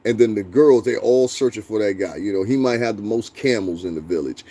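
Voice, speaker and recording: A man's voice: lowish voice, a little fast. Blunt, profane man ranting on stream. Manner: profane, blunt, animated, talks back to chat. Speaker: livestream host. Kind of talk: casual ranting livestream chat.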